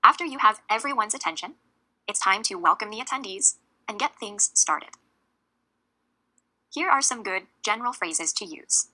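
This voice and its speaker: A woman narrating a scripted English lesson, speaking clearly and slowly with deliberate emphasis on key words. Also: mid-range voice, expressive, bright, forceful tone, rough recording. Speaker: English teacher.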